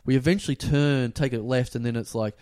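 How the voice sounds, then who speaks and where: A man's voice: mid-range voice, fairly quick, smooth. A man telling a story in casual podcast chat, swearing and acting out the people in it. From Australia. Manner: swearing, animated impressions of people in his story. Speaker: podcast host.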